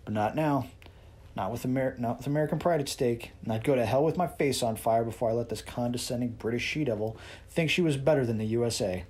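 A man's voice: mid-range voice, fast, darkish tone, breathy edge. A man reading a first-person novel aloud as narrator, in a wry, sarcastic and boastful manner.

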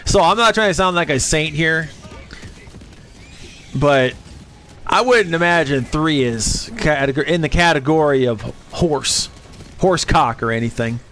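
A man's voice: a little slow, long pauses, a bit bright, slight background noise. Rambling, profane man streaming a game. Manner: rambling, profane, jumps into high squeaky voices for quotes. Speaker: livestreamer. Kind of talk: rambling casual chat while gaming.

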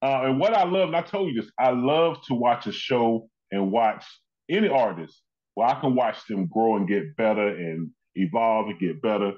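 A man's voice: mid-range voice, normal speed. A man hosting a casual chat, praising at length in loose run-on stories. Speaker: host. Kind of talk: casual conversation. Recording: slightly muffled audio.

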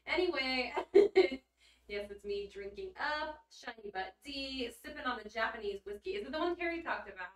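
A woman's voice: high voice, expressive, normal speed, fairly bright tone. A woman chatting casually on a livestream, reading her chat aloud, bubbly and giggly with blunt casual swearing. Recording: roomy echo, mic at a distance.

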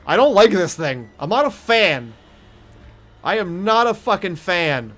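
Jumpy, high-pitched young gamer man, cursing. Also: sing-song, unhurried, faint music behind. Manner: jumpy, yelling and cursing at monsters, taunting. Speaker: gaming streamer. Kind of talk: horror game let's play commentary.

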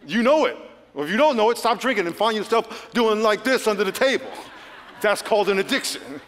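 A man preaches a sermon in a large church hall, and his slightly high voice rings out with a long reverb. He moves between bursts of loud, lively exhortation and quiet, hushed prayer. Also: brisk. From United States. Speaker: pastor.

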